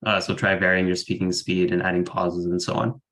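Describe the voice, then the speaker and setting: A man's voice: low-pitched, little pitch movement, brisk, fairly bright tone, low-quality recording. A young man judging a debate over a video call, giving casual feedback with many fillers. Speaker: debate judge. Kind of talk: spoken feedback.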